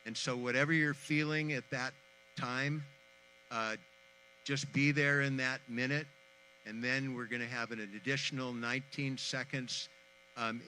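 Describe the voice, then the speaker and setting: A man introducing a ceremony outdoors, earnest and a little halting, with fillers between phrases. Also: medium pitch, steady tone, bright, forceful tone, a little hiss or hum, poor audio. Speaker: event organizer introducing the host. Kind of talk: public announcement at a memorial ceremony. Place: outdoor community event.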